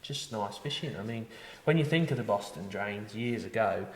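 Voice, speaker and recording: A man with a fairly low voice tells a meandering story in a relaxed podcast chat, stopping and restarting often. The sound is roomy, with a long reverb tail hanging after his words. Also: moderate pace, vocal fry. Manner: rambling storyteller, many fillers and restarts. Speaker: podcast co-host, tackle shop worker. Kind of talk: casual chat. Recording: echoey room with long reverb.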